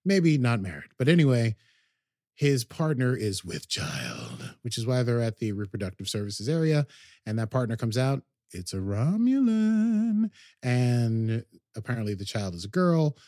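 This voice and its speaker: A man's voice: medium pitch, big pitch swings, a little slow, a little mellow, dry recording. Man rambling through a recap, dry. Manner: rambling, hesitant, many ums and restarts. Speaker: podcast host. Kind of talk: casual episode recap.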